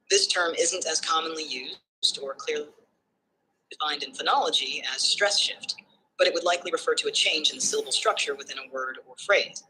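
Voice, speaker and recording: A bright, crisp synthetic voice explains concepts in tidy numbered points with an even, smooth delivery. Faint background noise sits under it. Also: mid-range voice, rough recording. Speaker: AI assistant answering questions. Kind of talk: structured explanatory answers.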